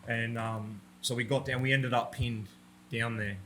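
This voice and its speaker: Bright-voiced Australian man telling blunt war stories. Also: mid-range voice, fairly even intonation, unhurried, slight background noise. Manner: profane, blunt, laughs through his own stories. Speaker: podcast guest, army veteran. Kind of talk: conversational war storytelling. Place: room with a roller door.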